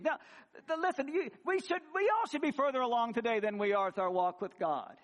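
Male preacher, high voice, animated sermon delivery, conversational and joking between points. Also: brisk. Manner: animated preaching, swinging from loud emphasis to quiet asides; conversational, with frequent restarts and humor. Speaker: pastor. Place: church sanctuary.

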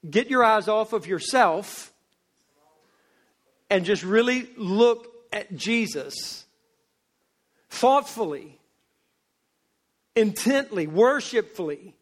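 A male pastor preaching a sermon, swinging between loud emphasis and hushed asides. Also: high-pitched. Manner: slow, drawn-out delivery.

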